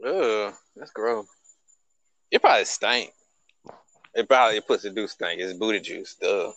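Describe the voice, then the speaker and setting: A man's voice: fairly low pitch, lively intonation, normal speed, a bit bright, no room sound, rough recording. A man in casual podcast banter, animatedly telling crude jokes and acting out silly voices. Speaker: podcast guest. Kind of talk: casual chat.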